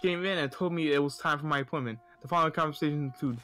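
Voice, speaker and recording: A man's voice: fairly high pitch, rapid-fire, a bit bright, faint music behind. A young man hosting a comedy podcast, reading stories aloud in a casual, joking way. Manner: reads aloud with acted voices, joking.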